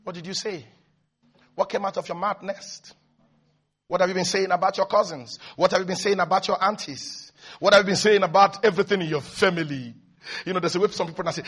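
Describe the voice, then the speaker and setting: A man preaching a sermon in an animated way, swinging from low, quiet asides to high, shouted mimicry. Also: breathy edge.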